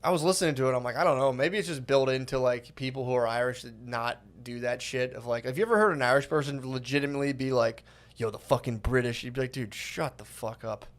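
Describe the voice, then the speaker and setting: A man's voice: mid-range voice, quick pace. A young man co-hosting a podcast, telling a rambling story in casual chat, swearing often and mimicking people. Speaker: podcast co-host.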